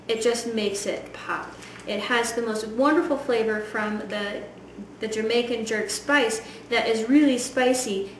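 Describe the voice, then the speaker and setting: A woman giving a chatty, enthusiastic cooking demonstration in a home kitchen. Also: fairly high pitch. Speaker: home cook. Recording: echoey kitchen, voice from far off, loud frying noise.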